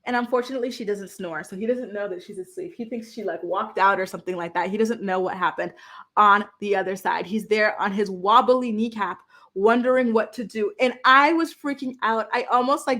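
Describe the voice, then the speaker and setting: A woman hosting a reality TV recap, talking casually to camera in an animated, chatty way and acting out what people said. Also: a little high, brisk. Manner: animated, chatty, acts out quotes with lots of "like".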